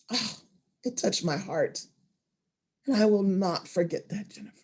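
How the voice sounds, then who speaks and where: Over a video call, a woman with a fairly low, husky voice runs an online storytelling workshop. She's expressive and animated, shifting from hushed asides to loud emphasis.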